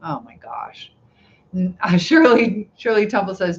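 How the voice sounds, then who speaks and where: A woman's voice: lowish voice, sing-song, unhurried, dull audio, slight background noise. A middle-aged woman hosting a casual live stream, chatting, laughing often and reading viewer comments aloud.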